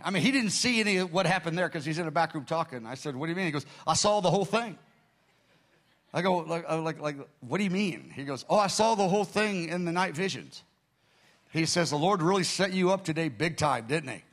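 A man preaching, with a voice that sits a touch higher than most men's. He tells his story with animation, acting out each quote and swinging between soft, hushed lines and loud cries. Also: lively intonation, brisk. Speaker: pastor. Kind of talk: sermon storytelling.

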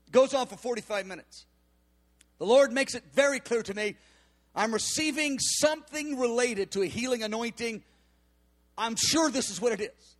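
A man preaching, telling a personal story, dropping quiet then bursting into shouts. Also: very high-pitched, normal speed. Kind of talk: sermon testimony.

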